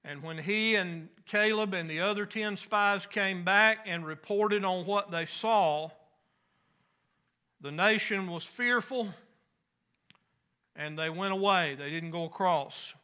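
A pastor preaching a sermon in a folksy, conversational way with homespun asides. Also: male voice, sits high, slow, pushed and bright, smooth.

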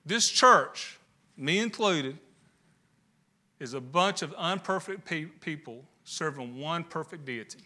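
A man's voice: a little high, expressive, slow, bright, forceful tone. A man preaching a sermon, building emphasis with rhetorical questions. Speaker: pastor.

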